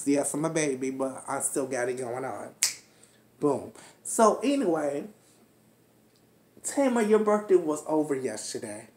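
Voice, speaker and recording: A woman in her twenties rants through a TV recap, brash and profane, hammering her points again and again. Her voice sits low for a woman. The room around her is echoey. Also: unhurried, pauses often, a little hiss or hum. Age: 20s. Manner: brash, profane, animated ranting with repeated jabs. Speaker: reality show recap host. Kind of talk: ranting commentary on a TV episode.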